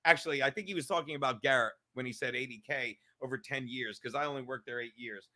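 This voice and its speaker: A man's voice: mid-range voice, fast, pushed and bright. A male podcast host in a profane live-stream rant, angry and emphatic, swearing constantly and repeating his points.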